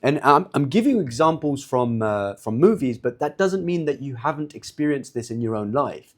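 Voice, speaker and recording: A man's voice: mid-range voice, lively intonation, moderate pace. A man giving an informal religious lecture, speaking conversationally, often repeating and restarting words as he talks straight to his listeners.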